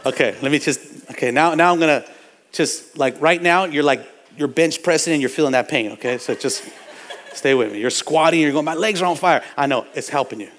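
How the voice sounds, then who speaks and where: A man with a high voice preaches a sermon, pressing his points through repetition and calling out to the congregation. His words ring with a long reverb from the church sanctuary around him. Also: a little fast, fairly bright tone, slight background noise. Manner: emphatic preaching with repetition and audience call-outs. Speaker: pastor.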